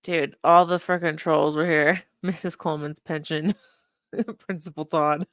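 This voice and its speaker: A young woman talks on a desk mic in a casual livestream, rambling and swearing freely, dropping into mutters between lines. Her voice sits a little low, and the sound is close and dry with no room echo. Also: fairly even intonation, unhurried. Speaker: streamer reviewing a live stream. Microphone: desk microphone.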